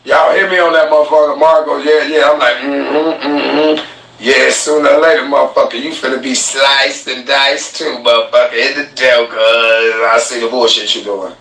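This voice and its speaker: A man's voice: mid-range voice, fairly even intonation, moderate pace, hardly any pauses, pushed and bright. A man ranting crudely on a livestream, rambling and laughing at his own jokes. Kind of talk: crude casual livestream rant. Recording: echoey, distant, faint background hiss.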